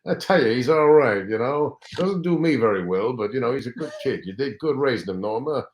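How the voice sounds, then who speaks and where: A man doing an impression of a brash, profane older male comedian, speaking higher and louder than his own voice, punchy and emphatic. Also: lively intonation, fairly quick, a little hiss or hum, close to an everyday voice. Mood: generous.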